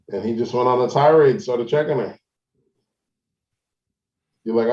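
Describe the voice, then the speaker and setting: A podcast co-host with a warm, mid-range voice talks quickly as he rambles through a story, retelling online arguments in casual conversation. He's picked up from a distance, and the lo-fi audio sounds roomy and dull.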